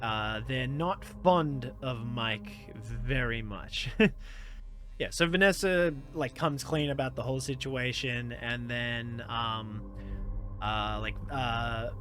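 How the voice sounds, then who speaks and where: A man's voice: mid-range voice, a little slow, bright, forceful tone, soft background music. A man casually recapping a movie plot in a rambling way, full of fillers and with frequent laughs. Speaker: YouTuber reviewing a movie.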